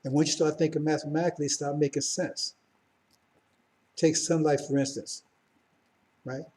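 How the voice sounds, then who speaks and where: A man in middle age giving a live religious talk to his followers. His voice is warm and mellow, and his delivery rambles, with restarts and asides. When he presses his message, it turns fervent and insistent. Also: a little high, level tone, moderate pace. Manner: rambling, self-correcting, rising to fervent emphasis. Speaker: religious teacher.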